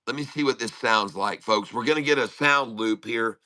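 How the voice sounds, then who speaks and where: Man, middle-aged, stream host, casual live chat, bright voice, slight lisp, muttering asides. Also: mid-range voice, normal speed. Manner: chatty, mutters while fixing his audio; lisping sound he blames on his audio. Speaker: day-trading livestream host. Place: home.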